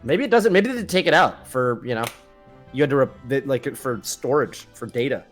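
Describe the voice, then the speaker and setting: A man's voice: medium pitch, expressive, moderate pace. A man co-hosting a casual gaming stream, chatty and thinking aloud, laughing often. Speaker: co-host. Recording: faint music underneath.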